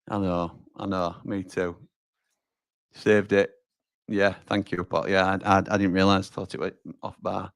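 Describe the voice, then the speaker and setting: A man's voice: low-pitched, level tone, measured pace, vocal fry, dry recording, clean studio sound. A man hosting a live football watch-along, reacting to the match and reading viewer comments while calling them pal and mate. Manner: chatty, reacts loudly to chances, addresses viewers as pal and mate.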